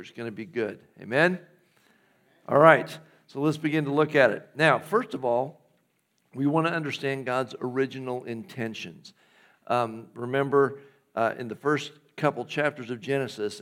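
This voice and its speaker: A man's voice: mid-range voice, a bit bright. A man preaching a sermon as pastor, conversational and jokey, acting out quoted lines in a casual voice. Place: church.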